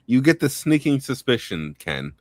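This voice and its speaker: A man's voice: medium pitch, very animated, moderate pace, no room sound, clean studio sound. A man narrating a tabletop game as game master on a live talk show, playful and laughing often.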